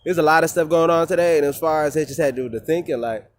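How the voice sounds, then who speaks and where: A man's voice: fairly high pitch, racing. A man venting in a casual vlog, rambling and swearing, with many fillers and restarts. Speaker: vlogger.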